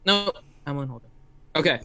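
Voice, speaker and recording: A man's voice: fairly high pitch, animated, a little fast, pushed and bright, no echo. A man co-hosting a casual livestream, reading viewer questions aloud and often laughing as he reads. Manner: easygoing, laughs while reading.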